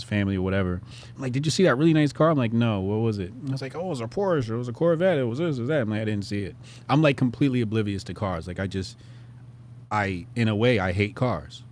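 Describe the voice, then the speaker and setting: A man in his thirties hosting his show, telling a casual story with profanity and sudden loud, excited bursts. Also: mid-range voice. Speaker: show host.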